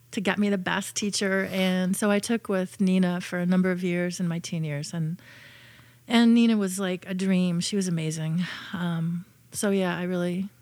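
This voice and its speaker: A woman's voice: fairly low pitch, a little mellow, dry recording. A woman telling personal stories in a casual chat, with many fillers and restarts.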